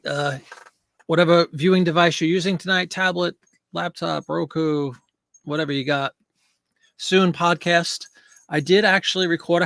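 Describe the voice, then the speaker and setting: Chatty man hosting a live stream, gravelly. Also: a little high, fairly bright tone. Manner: chatty, greets viewers by name, jokey. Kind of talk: casual live stream chat. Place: home studio with green screen. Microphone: desk microphone.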